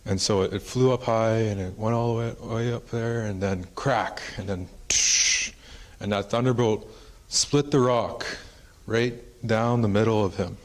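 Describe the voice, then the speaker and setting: A man's voice: lowish voice, fairly even intonation, normal speed, a little mellow. A man presenting at a conference, telling a traditional story in a casual, rambling way with many fillers. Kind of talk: oral storytelling in a conference talk. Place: conference hall.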